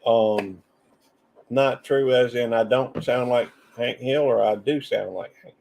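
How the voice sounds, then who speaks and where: A man's voice: medium pitch, takes it slowly, creaky, a little mellow. A man with a Southern US accent hosting a live stream, chatting loosely and reading viewer comments as he rambles. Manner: rambling, drawling, reads chat comments aloud. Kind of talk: casual live stream chat.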